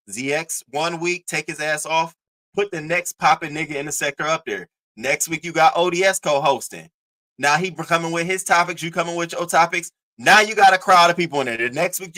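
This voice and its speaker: A man doing casual commentary to his live chat, animated, profane and mocking. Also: fairly high pitch, low-quality recording. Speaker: commentary streamer.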